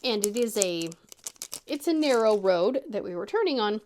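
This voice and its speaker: Animated chatty woman telling a story. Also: medium pitch, normal speed, a little hiss or hum. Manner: animated, laughing, quoting others in a raised voice. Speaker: crafting channel host. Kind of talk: casual storytelling chat.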